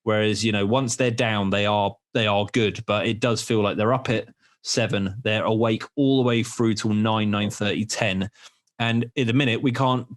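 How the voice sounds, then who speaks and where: A man's voice: lowish voice, normal speed. A man podcast host chatting animatedly. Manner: rambling, animated storytelling with many restarts. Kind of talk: casual chat.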